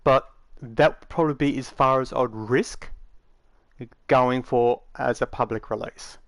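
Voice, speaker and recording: A man's voice: medium pitch, a little slow, dry recording, studio quality. Casual rambling man talking over a tutorial. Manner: rambling, matter-of-fact, with frequent fillers. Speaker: game tutorial maker. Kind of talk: casual screen-recorded tutorial.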